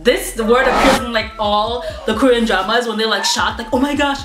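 A woman's voice: on the high side, brisk. A woman vlogger from the United States, talking casually in a playful, self-mocking way and laughing often as she practices phrases aloud. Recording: roomy room with background music.

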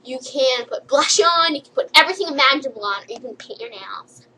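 A woman's voice: high voice, expressive, fairly quick, sharp tone, a little hiss or hum, poor audio. A young woman vlogger rambling playfully and giggling through a silly list. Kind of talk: silly comedic list vlog.

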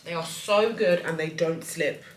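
A woman's voice: low voice, a little slow, far from the mic, a little hiss or hum. Chatty young woman vlogging in an echoey room. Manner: chatty, self-deprecating, talks to viewers while getting ready. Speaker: travel vlogger. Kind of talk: casual vlog chat to camera. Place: hotel room.

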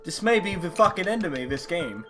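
A man giving raging gameplay commentary, swearing constantly and swinging from shouting to low muttering. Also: expressive, brisk, faint music behind. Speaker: gaming YouTuber.

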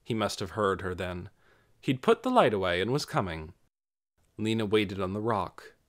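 A man's voice: fairly low pitch, moderate pace. A man reading an audiobook chapter aloud as its narrator. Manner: expressive storytelling. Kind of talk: scripted narration.

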